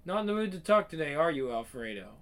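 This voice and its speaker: A man reading game dialogue aloud in a wry, bemused, low-key way. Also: big pitch swings, fast talker, fairly bright tone, slight background noise. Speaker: game player.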